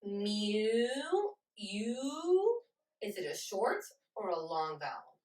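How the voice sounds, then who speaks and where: A woman teaching a children's phonics lesson, speaking slowly and deliberately and sounding out words, recorded with a roomy echo from a distance. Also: deep voice, animated. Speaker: literacy teacher.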